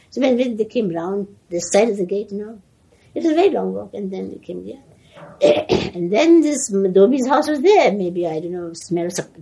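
An older woman reminiscing in an animated way, often laughing and restarting her sentences. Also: on the low side, vocal fry, slightly rough, poor audio. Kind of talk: reminiscing storytelling.

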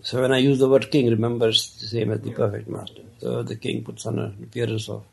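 Man, storyteller, gravelly rasp, husky tone, unhurried conversational parable. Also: mid-range voice, flat delivery. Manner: unhurried, conversational, many asides. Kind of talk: casual spoken storytelling of a parable.

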